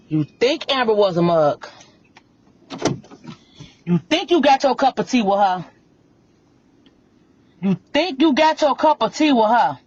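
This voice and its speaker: A woman's voice: on the high side, sing-song, a little slow, pauses often, a little mellow, dull audio. A woman venting on a livestream, blunt and confrontational, repeating her points again and again. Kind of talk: heated livestream rant.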